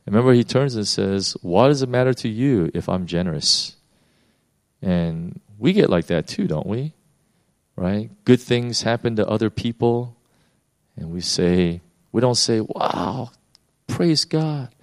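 Man, sermon, low-pitched voice, animated informal preaching, many fillers and restarts. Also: measured pace, no room sound, clean studio sound. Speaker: pastor.

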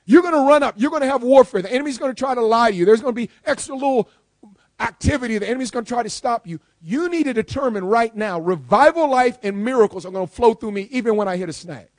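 A man preaching to a live congregation in a notably high voice. He hammers points home by repeating them and swings between soft asides and forceful declarations. The sound is close and dry. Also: expressive, fast, no room sound. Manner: emphatic, repeats key lines for stress. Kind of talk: sermon.

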